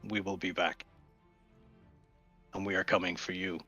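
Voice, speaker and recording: A defiant adventurer, played by a man in a tabletop game, vowing revenge in a slow, grave voice. His voice is very low and gravelly, with a bright edge. The dull lo-fi mic flattens it. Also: faint music behind, heavily acted.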